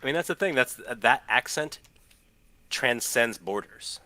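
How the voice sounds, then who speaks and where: A man's voice: mid-range voice, expressive, a little slow, pushed and bright, dry recording. A man filling in as guest co-host on a podcast, making dry, wry jokes in casual chat.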